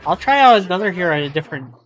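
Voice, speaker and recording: A woman streaming gameplay, chatting casually with rambling, halting restarts. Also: fairly low pitch, very animated, a little hiss or hum. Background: game music.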